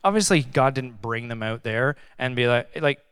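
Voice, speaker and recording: A young pastor delivers a casual, conversational sermon, reading scripture and tossing in animated, sarcastic asides. His mid-range voice is smooth and moves at a moderate pace.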